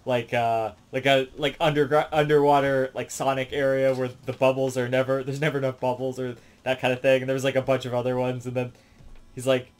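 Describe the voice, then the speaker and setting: A man's voice: mid-range voice, flat delivery, fairly quick, clean tone. A man casually recapping a movie plot as a reviewer, rambling along with lots of "um" and "like" fillers. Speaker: film reviewer.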